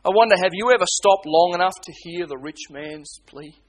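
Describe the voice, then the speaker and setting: A man preaching a sermon, swinging between hushed pleading and loud, urgent appeals. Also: high voice, normal speed. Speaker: pastor.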